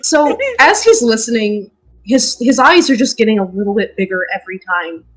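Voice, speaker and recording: A woman's voice: medium pitch, moderate pace, a bit bright, slightly rough, soft background music, low-quality recording. A woman playing a tabletop game in a casual, playful, easily amused way. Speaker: player.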